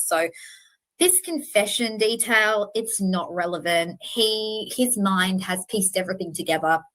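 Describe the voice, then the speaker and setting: A woman's voice: fairly low pitch, fairly bright tone. A woman hosting a true-crime channel, talking casually to her viewers in an earnest, self-correcting way with many fillers.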